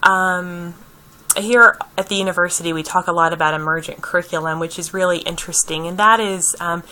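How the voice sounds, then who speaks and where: A woman's voice: lowish voice, fairly even intonation, fairly quick, pushed and bright, rough recording. A woman giving a conversational lecture on early childhood, repeating key points and checking in with her listeners.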